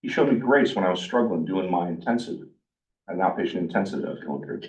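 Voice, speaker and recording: Blunt, animated man, low voice. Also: fast talker, distant mic, poor audio. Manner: blunt, animated, acts out his own quoted dialogue. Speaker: workshop speaker sharing recovery experience. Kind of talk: casual talk to a group. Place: meeting room with a live group.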